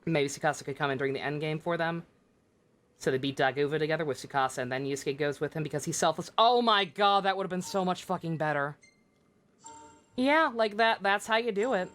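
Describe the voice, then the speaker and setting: Streaming a game live, this woman talks in a deep, brisk, slightly bright voice. Her commentary is casual and rambling, with lots of restarts and frequent cursing.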